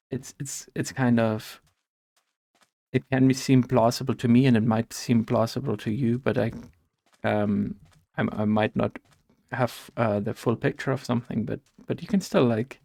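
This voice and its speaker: A man with a German accent talks casually over gameplay, his mid-pitched voice gravelly with fry. He rambles and thinks aloud, full of fillers and restarts, while dealing with allergies. The sound is dry and close. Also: a little mellow, no echo. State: has allergies. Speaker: gaming vlogger. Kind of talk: casual chat while playing a game.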